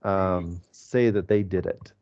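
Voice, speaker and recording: A man teaches English to students over a video call, talking things through slowly and deliberately. His voice sits fairly low. The call audio sounds dull and lo-fi. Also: fairly even intonation, a little mellow. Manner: slow, deliberate explaining. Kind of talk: online class teaching.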